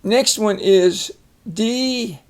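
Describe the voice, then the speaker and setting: An older man teaching a phonics lesson, explaining each word slowly and patiently. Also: high voice. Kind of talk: casual reading lesson.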